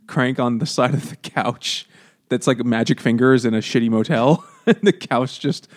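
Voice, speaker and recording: A man co-hosting a casual comedy book podcast, laughing often and acting out the characters in quick put-on voices. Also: medium pitch. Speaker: podcast co-host.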